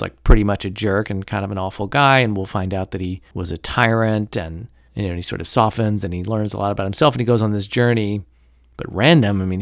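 A podcast host with a lowish voice talks casually about a novel, offering critical, opinionated commentary. He rambles and leans heavily on fillers and hedges. The recording is studio quality with no echo.

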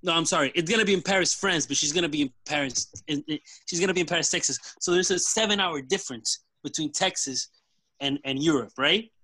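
Bright-voiced man pitching a story. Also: quick pace, no echo. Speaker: brainstorming a movie plot. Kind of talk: casual group brainstorm.

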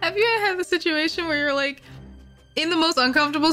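High, bright-voiced woman player, bubbly and profane. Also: fast, soft background music. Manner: bubbly, swearing, lots of "like". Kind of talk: playing a tabletop game.

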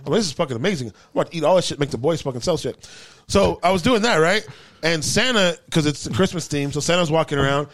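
A man's voice: on the high side, fast talker, hardly any pauses. A man co-hosting a podcast, telling stories casually, profanely, acting out the people he quotes. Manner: animated, profane, acts out quotes. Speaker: podcast co-host. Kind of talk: casual storytelling chat.

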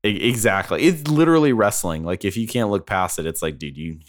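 A man co-hosts a podcast in a relaxed, chatty way. His voice sits on the low side but swings widely in pitch, and he laughs often as he talks. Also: brisk. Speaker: podcast co-host. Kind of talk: casual wrestling review chat.

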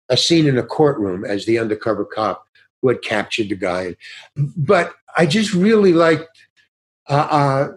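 An older man, a guest actor in a casual interview, telling rambling anecdotes with many restarts and acting out bits of dialogue. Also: medium pitch.

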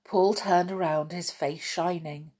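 A woman reads a children's story aloud in a gentle, expressive way. Her voice sits on the low side with a breathy, husky grain. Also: slow pace.

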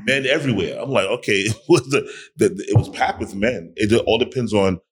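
A man's voice: on the low side, fairly quick, breathy edge. A man who is a pastor and guest on a casual panel conversation, telling stories and acting out quotes. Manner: animated storyteller who acts out quotes.

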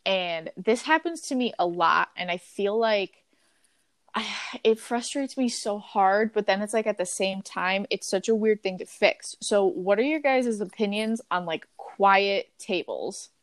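A woman in her twenties talking in a casual, animated chat about restaurant work, full of fillers and casual swearing. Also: mid-range voice, a little slow, dry recording. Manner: animated storytelling with frequent fillers. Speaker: podcast host.

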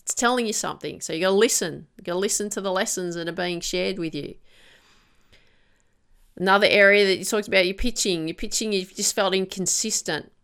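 A woman's voice: medium pitch, a little fast, creaky, fairly bright tone, smooth. A woman coaching golfers on their mental game, who works through one question after another and sometimes acts out an inner voice. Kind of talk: coaching monologue.

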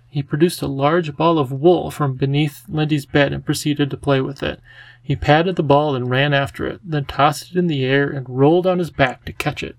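A man reading a children's storybook aloud in a gentle, even storytelling manner. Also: a little high, normal speed, creaky, dry recording. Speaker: audiobook narrator. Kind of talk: scripted storybook narration.

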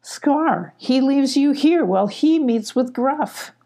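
A brave, clever young girl in a storybook, speaking high and earnestly, as a woman reads her. She sounds lively and quick-witted. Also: heavily acted. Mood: sly. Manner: bright, raised, earnest.

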